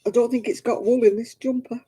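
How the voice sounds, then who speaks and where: An older woman hosts a craft stream over a video call from home, chatting, telling stories and giggling as she crafts. Her voice is fairly high, fairly quick, mellow and husky, with fairly even intonation, and the recording is low quality.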